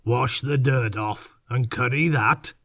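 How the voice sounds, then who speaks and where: A man voicing a mischievous old male sea captain with a Scottish accent, projecting each word slowly. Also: medium pitch, a bit bright. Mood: amused.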